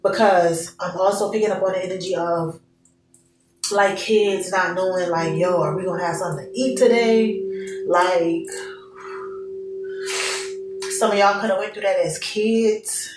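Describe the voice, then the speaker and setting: A woman's voice: lowish voice, fairly even intonation, moderate pace, far from the mic. A young woman reads tarot for her viewers in a loose, candid way, full of slang and swearing. She sits a little back from the mic in an echoey room, and a faint hum runs underneath. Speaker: tarot reader. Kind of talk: casual tarot reading to viewers.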